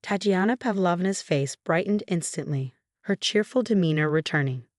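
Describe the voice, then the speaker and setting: A woman narrating a scripted story in a steady, even storytelling manner. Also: lowish voice, normal speed, no room sound, studio quality.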